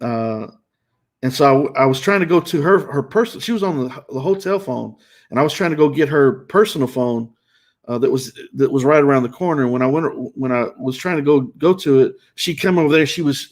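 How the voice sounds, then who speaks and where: A man's voice: mid-range voice, moderate pace. A man hosting a live show, telling a painful personal story emotionally, with many restarts and repetitions. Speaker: host.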